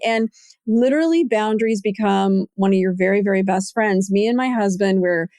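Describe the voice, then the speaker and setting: A middle-aged woman hosting a podcast, telling a personal story in casual, animated chat and jumping into a higher voice when she quotes people. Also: a little fast, no room sound, clean studio sound. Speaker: podcast host.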